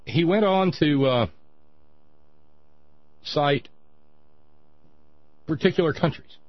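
A man hosting a sarcastic political commentary monologue, mocking and dry, with a husky voice. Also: a little high, takes it slowly, no room sound, dull audio. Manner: sardonic, mocking, dry asides.

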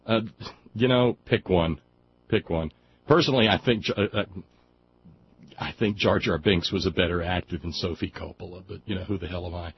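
A man hosting a call-in radio show, chatty and quick to laugh, often restarting his sentences. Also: low-pitched. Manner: chatty and animated, laughs easily, restarts a lot. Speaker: radio talk show host. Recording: slightly dull radio audio with faint noise.

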